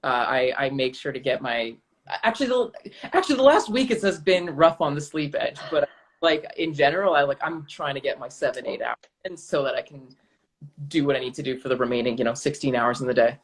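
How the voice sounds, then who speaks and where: Guy guest on a live stream, middle pitch, loose rambly hedging chat. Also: brisk.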